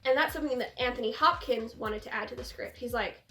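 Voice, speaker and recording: A young woman hosting a casual movie discussion, animated and laughing, acting out lines from the film. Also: on the high side, quick pace, few pauses, roomy sound, soft background music. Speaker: host.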